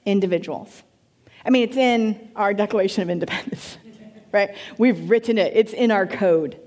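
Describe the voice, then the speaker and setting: A woman pastor teaching a church congregation in an animated way, asking the room questions. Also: mid-range voice, moderate pace.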